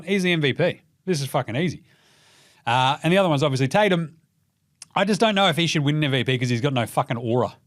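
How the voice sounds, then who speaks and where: A young Australian man hosting a casual basketball show, talking fast and loose with lots of swearing and mocking impressions. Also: mid-range voice, no echo, studio quality. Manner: profane, animated, mocking impressions. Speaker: podcast host. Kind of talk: casual sports commentary.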